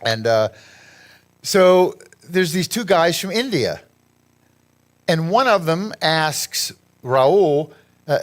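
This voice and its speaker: Chatty man with a fairly high voice. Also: big pitch swings, slow pace. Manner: chatty, rambling, laughs at his own jokes. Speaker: guest speaker at a church gathering. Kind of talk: anecdotal talk over a slideshow.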